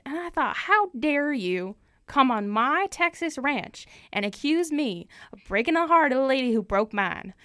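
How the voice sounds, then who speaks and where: A woman's voice: sits high, sharp tone, no room sound, clean studio sound, exaggerated voice. A woman playing a folksy heartbroken cowboy. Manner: folksy, repeats phrases for emphasis. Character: heartbroken male lone cowboy rancher, proud. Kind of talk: improvised comic storytelling.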